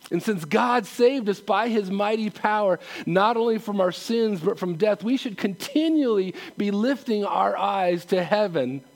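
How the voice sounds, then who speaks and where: Male pastor, high and gravelly, lively conversational sermon. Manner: animated, laughs often, acts out quotes.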